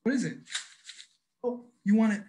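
A man playing an excitable big brother in an interactive children's musical, cheering on and coaching the kids as he talks to them. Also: high voice, normal speed, a little hiss or hum, natural voice, poor audio. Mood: playful. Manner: bubbly, encouraging, talks straight to the kids. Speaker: stage performer leading children. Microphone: video call.

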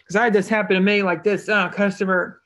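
A woman's voice: mid-range voice, little pitch movement, quick pace, fairly bright tone. A woman narrating a screen-recorded tutorial as an online seller, casual and thinking aloud as she clicks through each step.

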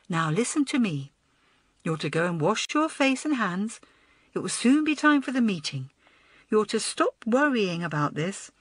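A spirited young schoolgirl speaks earnestly and briskly, with a lively rise and fall, as a woman reader voices her. Her voice is lifted a little above the reader's own and sits close and dry, with no room around it. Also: fairly high pitch, no room sound, voice pushed up. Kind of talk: audiobook character voice.

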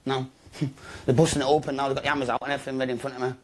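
A man telling his story in an interview, rapid and slangy, swearing and calling everyone mate and bro. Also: mid-range voice, little pitch movement, a little hiss or hum.

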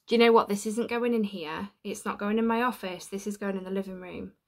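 A woman's voice: medium pitch, fairly even intonation, a little fast. A woman chatting through a home unboxing vlog, emotional and tearful, laughing at herself. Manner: chatty, self-deprecating, emotional. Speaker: YouTuber. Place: home room.

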